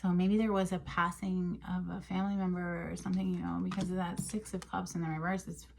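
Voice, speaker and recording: A woman giving a casual tarot card reading, chatty and emotional, sometimes dropping into breathy half-whispers. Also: on the low side, little pitch movement, quick pace, noisy background. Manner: chatty and emotional, with frequent fillers and soft laughs. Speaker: tarot reader.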